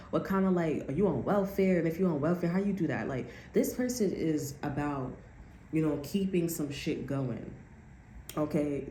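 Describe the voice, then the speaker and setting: A woman with a low, mellow voice talks through a tarot reading in a loose, casual way. She is blunt and swears freely, acting out what others might say. Her voice rings in a roomy space, with faint ambient noise behind. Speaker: tarot card reader.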